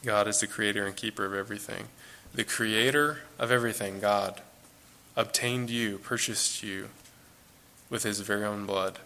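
A man's voice: on the low side, fairly even intonation, normal speed, pushed and bright. A man giving an informal, earnest Bible teaching, talking conversationally and repeating phrases for emphasis.

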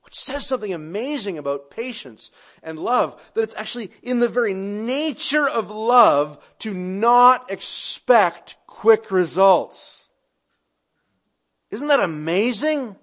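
A pastor preaching a sermon, expressive, shifting from raised emphasis to quiet conversational asides. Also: male voice, high voice, slow pace.

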